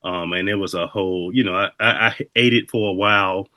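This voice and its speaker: A man's voice: deep voice, fairly even intonation, a little fast, sharp tone, no echo. A man hosting a podcast, talking in a laid-back, reflective way with loose, rambling stories. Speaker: podcast host. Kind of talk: casual interview chat.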